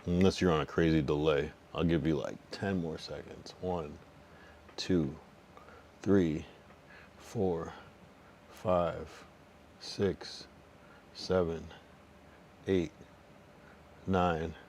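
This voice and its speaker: A young male streamer with a deep, low voice rambles through his live chat. He teases and trash-talks viewers with slang and cursing, drifting through restarts and loose asides. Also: fairly even intonation, darkish tone, a little hiss or hum. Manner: teasing, trash-talking banter with swearing and slang; loose, rambling delivery with restarts and drawn-out counting. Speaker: livestreamer. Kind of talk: casual livestream chat, reading and answering chat.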